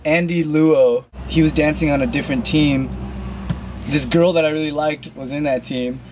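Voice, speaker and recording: A young man answering fan questions in a relaxed, rambling way that is full of fillers. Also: on the high side, moderate pace, background noise. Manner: laid-back, loose, full of "like" fillers. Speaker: dance crew member answering fan questions. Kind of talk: casual Q&A.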